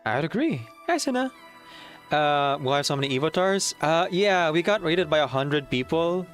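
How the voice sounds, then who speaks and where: A man's voice: on the high side, animated, normal speed, a bit bright, soft background music. Chatty young male streamer. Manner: chatty, a little nervous, reads chat aloud. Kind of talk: casual live-stream chat.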